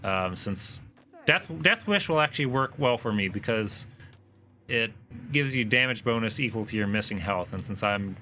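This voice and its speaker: Bright-voiced man chatting while gaming. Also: on the low side, lively intonation, moderate pace, soft background music. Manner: thinking aloud, hesitant. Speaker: video game co-op player. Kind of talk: casual gameplay chat.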